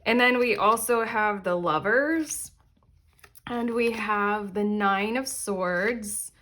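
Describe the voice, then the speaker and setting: A young woman talks through a tarot reading in a chatty, animated way. She laughs easily and trails off into fillers, and her voice sits in a middle pitch. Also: takes it slowly, slight background noise. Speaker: tarot reader and channel host. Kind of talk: casual pick-a-card tarot reading.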